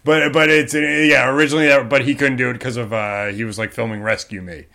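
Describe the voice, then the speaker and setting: A man's voice: medium pitch, steady tone, a little fast, vocal fry, bright, forceful tone. A man co-hosting a podcast in loose casual chat, rambling with lots of "like" and frequent laughs. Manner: rambling, heavy use of "like", laughs often. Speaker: podcast co-host.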